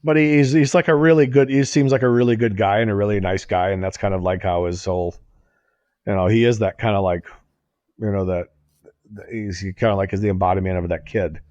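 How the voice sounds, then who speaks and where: A man's voice: fairly low pitch, steady tone, brisk, a little mellow, no room sound, dull audio. A man co-hosting a podcast, telling a long anecdote in casual chat with many restarts and fillers. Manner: rambling storyteller, lots of "like" and restarts. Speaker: podcast co-host.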